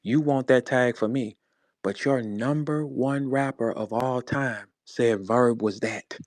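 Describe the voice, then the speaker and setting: A man from St. Louis ranting in a heated, casual way, blunt and profane, swinging between low grumbles and sharp high-pitched outbursts. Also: slow, no room sound. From St. Louis, USA. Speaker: rapper speaking in an audio chat room.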